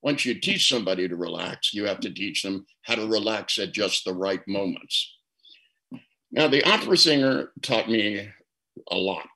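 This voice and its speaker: A man's voice: fairly low pitch, animated, normal speed, sharp tone, poor audio. An older man speaking as a guest therapist, telling reflective stories in an interview and often repeating words as he starts a thought. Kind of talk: storytelling interview answer.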